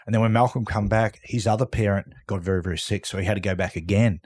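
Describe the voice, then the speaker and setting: A man's voice: lowish voice, fairly even intonation, fast. A middle-aged Australian man, a guest on a podcast, telling stories casually and acting out the other people in them. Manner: yarn-spinning, acts out quoted lines, laughs loudly. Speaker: podcast guest, former footballer. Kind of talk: casual storytelling.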